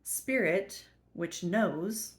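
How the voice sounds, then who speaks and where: A woman reading a spiritual text aloud and explaining it, earnest, slowing to repeat the key lines. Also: fairly low pitch. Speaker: spiritual study teacher.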